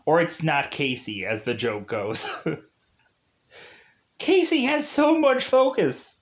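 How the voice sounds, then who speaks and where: A man's voice: fairly high pitch, huge pitch swings, slow. A man giving a casual spoiler review of a TV show, rambling with many fillers and frequent laughs.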